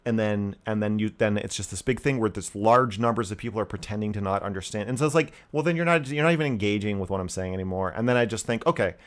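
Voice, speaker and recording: Man, low voice, exasperated rant, swears a lot, loud bursts then quiet, call-in host. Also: quick pace, hardly any pauses. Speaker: streamer hosting a call-in show. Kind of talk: casual live-stream call.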